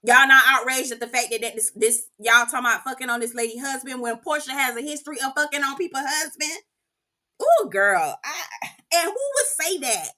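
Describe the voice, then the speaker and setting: A woman with a bright, forceful voice, pitched a little high. She talks in a sassy, profane, animated way. She is giving casual recap commentary. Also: brisk. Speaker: reality TV recap host.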